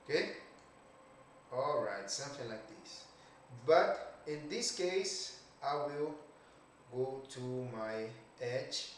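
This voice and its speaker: A man giving a casual 3D art tutorial, thinking aloud slowly with many "okay"s and trailing phrases. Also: mid-range voice, animated. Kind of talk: casual screen-recorded tutorial. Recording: echoey room, distant mic, faint hiss.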